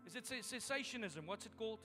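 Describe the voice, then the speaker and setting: A man's voice: high-pitched, lively intonation, fast talker, pushed and bright, in a large hall, soft background music. A man preaching a sermon as pastor, repeating phrases for emphasis as his intensity rises. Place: church sanctuary.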